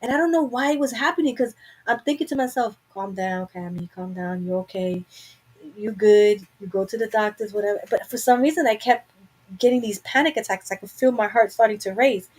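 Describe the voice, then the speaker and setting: A woman's voice: fairly high pitch, fast talker, a little mellow, breathy edge, rough recording. A young adult woman hosting a casual live chat from home, talking candidly and rambling to her viewers through a webcam mic. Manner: candid, rambling, talks to herself. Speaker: live stream host.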